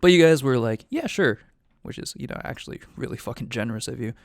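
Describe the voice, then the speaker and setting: Male game master with a gravel-edged, smooth voice, recapping the story casually and profanely. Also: mid-range voice, quick pace, no room sound, clean studio sound. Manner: rambling, profane and offhand, with many fillers.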